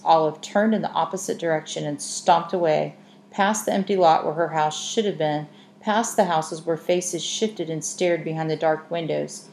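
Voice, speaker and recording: Woman, low, mellow, measured storybook narration, echoey room, faint hiss. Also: creaky. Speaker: audiobook narrator. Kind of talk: scripted narration.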